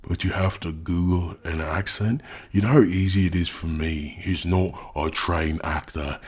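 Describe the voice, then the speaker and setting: English man, low and husky, sarcastic commentary host. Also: fairly even intonation, moderate pace. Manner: mocking, exasperated, laughs often. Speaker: commentary YouTuber. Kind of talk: reaction commentary.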